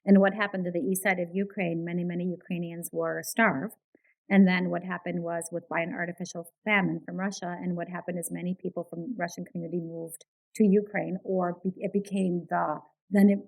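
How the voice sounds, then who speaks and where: A woman's voice: on the low side, flat delivery, brisk, creaky, a little mellow, slightly rough, poor audio. Earnest woman guest, many "right?"s. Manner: earnest, repeats words, says "right?" often. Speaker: guest, behaviour analyst. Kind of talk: casual interview talk.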